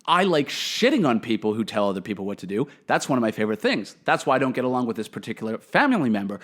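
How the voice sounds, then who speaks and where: A man's voice: medium pitch, big pitch swings, quick pace, fairly bright tone. A man hosting his own comedy podcast alone, delivering a profane, opinionated monologue into a podcast microphone. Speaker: podcast host.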